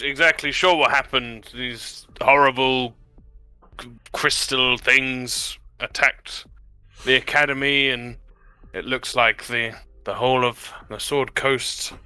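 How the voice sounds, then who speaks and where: A steady, responsible captain speaks in a measured, earnest way, as a man plays him. His voice is very bright and smooth, recorded dry and close. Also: medium pitch, no echo.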